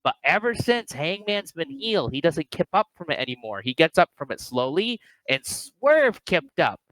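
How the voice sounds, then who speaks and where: A man co-hosting a casual wrestling review, talking excitedly and acting out wrestlers' lines. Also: fairly high pitch, moderate pace, no echo, poor audio. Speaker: podcast co-host.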